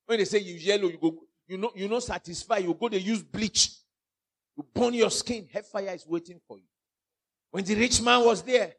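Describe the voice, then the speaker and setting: A Nigerian-accented man preaching a fiery sermon, mixing in pidgin and swinging from loud outbursts to hushed warnings. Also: high-pitched, normal speed.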